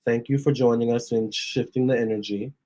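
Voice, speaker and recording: A man's voice: medium pitch, fairly even intonation, fairly quick, mellow. A man, a tarot reader, chatting casually on his livestream, reading viewer comments aloud and cooing at his cats. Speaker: tarot reader and channel host.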